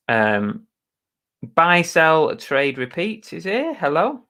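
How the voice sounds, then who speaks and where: A man hosts a relaxed live stream, reading out viewers' names. He talks at an unhurried pace in a mid-range voice. He is chatty and self-mocking, and mutters mild curses at his streaming software. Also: medium pitch, clean tone. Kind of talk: casual live chat, greeting viewers.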